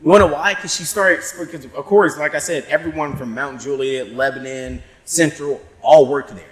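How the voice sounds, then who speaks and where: Podcast co-host, man in his thirties, animated storyteller who swears a lot; a touch high, echoey room sound. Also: moderate pace. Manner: animated, swears freely, acts out quotes. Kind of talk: casual storytelling chat.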